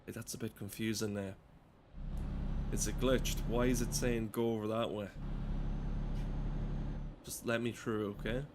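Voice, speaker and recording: Man, unhurried rambling game commentary, loud engine hum underneath. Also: lowish voice. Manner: rambling, swears freely. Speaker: gaming streamer. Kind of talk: casual gameplay commentary. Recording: steady game engine noise behind.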